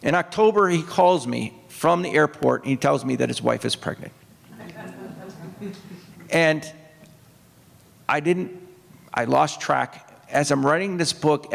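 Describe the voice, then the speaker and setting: Gravelly older man telling a story. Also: medium pitch. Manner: earnest, emotional storytelling, rises into acted quotes. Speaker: retired naval officer speaking at a book event. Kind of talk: personal storytelling talk. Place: opera house stage. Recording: long hall reverb.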